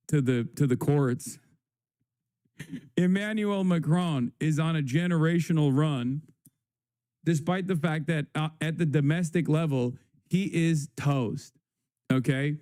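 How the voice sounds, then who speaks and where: A man's voice: fairly high pitch, warm tone, dry recording, studio quality. A man hosting a livestream, giving rambling, sarcastic, crude commentary on the news. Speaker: livestream host.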